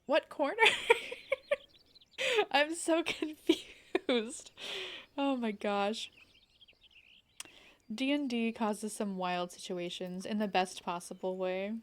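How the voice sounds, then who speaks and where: A young adult woman chatting casually on a game live stream, bubbly and rambling, full of "like" and quick laughs. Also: a little high, animated.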